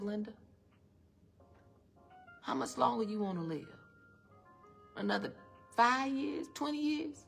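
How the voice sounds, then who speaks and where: With soft music in the background, a woman speaks to a live and online audience in an event room, delivering an emphatic, faith-based motivational talk. Her fairly high voice is animated but slow, with vocal fry and frequent pauses. She fires off rhetorical questions and calls her listeners "honey."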